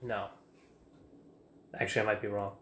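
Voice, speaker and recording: A man's voice: fairly low pitch, level tone, moderate pace, a bit bright. A man co-hosting a podcast, chiming in with dry, teasing jokes. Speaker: podcast co-host. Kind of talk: casual podcast chat. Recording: echoey room.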